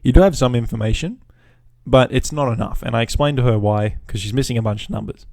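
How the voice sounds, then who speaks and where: A man's voice: mid-range voice, fast talker, gravelly, a little mellow, no room sound. A man rants into his podcast mic, swearing freely and talking with swagger. His tone is mocking and self-assured, like someone telling a customer story he enjoys. The sound is close and dry, with almost no room around it. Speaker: podcast host. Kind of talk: profane storytelling rant.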